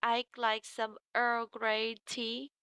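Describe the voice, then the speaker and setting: A woman teaching English, acting out an ordering role-play with a student in a slow, drawn-out, encouraging way. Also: fairly high pitch, little pitch movement, bright, forceful tone, clean tone, no echo.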